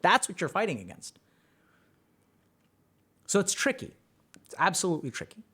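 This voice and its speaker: A male streamer coaching his viewers on their mental health. His pitch sits a little high and swings widely as he fires off rhetorical questions and checks in with "right?". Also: normal speed, breathy edge. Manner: animated, asks rhetorical questions, often says "right?". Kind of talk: livestream advice talk.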